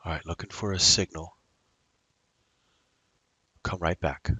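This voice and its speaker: Very deep-voiced man narrating his trades. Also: fairly even intonation, measured pace, sharp tone, breathy edge, no echo, muffled recording. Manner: rambling self-talk, drifting into musings. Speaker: day trader. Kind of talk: live trading commentary over a screen recording.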